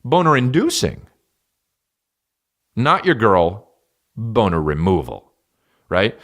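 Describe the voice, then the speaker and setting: Podcast host, male, very low voice, profane rambling comic, casual solo rant. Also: huge pitch swings, takes it slowly. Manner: profane, rambling comic riffing with sudden loud jumps. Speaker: podcast host and stand-up comedian.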